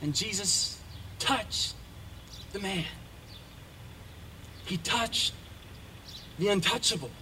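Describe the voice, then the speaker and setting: Style: sermon. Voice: man, high-pitched. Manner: dramatic storyteller with faint noise behind. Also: slow, pauses often. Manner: dramatic storyteller, varies pace and loudness. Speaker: pastor.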